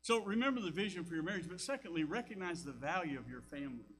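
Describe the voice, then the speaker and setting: A man's voice: on the high side, expressive, fast talker, a bit bright, rough recording. Older southern preacher man, folksy and chatty, hum in the background. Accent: Southern American. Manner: folksy storytelling with asides. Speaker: pastor. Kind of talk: sermon. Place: church sanctuary.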